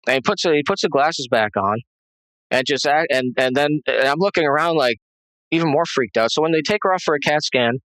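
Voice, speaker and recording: A man's voice: on the high side, brisk, fairly bright tone, dry recording, rough recording. Male interview guest, agitated, rambling storyteller, dry close sound. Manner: rambling, many restarts and fillers; tense, agitated retelling. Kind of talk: recounting a personal story.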